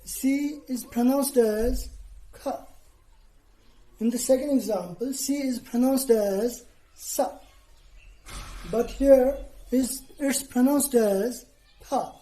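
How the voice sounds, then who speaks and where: A woman teacher giving a lesson to students, speaking deliberately, spelling out letters and often checking in with "okay". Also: a little high, warm tone, rough recording.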